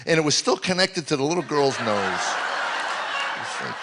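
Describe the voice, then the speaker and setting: An older man performing a rambling stand-up comedy set on a live stage. He tells stories and swings from low mutters to loud exclamations. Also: sing-song, moderate pace, a little hiss or hum.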